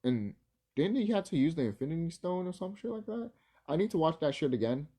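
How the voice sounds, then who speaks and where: Guy rambling in a vlog, warm mellow voice, real animated, swears a lot and stumbles on words. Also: on the high side, fairly quick. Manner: rambling, profane, laughs easily, stumbles over words. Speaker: video creator.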